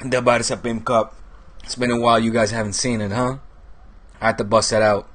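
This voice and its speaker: A man in his thirties from the Netherlands hosts a football show while he has a cold. He rambles in loose, casual chat with lots of fillers and offhand swearing, and his voice sits at an ordinary middle pitch. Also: flat delivery, brisk, a bit bright.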